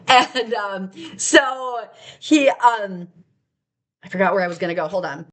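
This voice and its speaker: A woman's voice: mid-range voice, unhurried. A woman telling her personal story in an unscripted vlog, agitated and profane, rambling with restarts and wry laughter. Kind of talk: raw unscripted personal testimony.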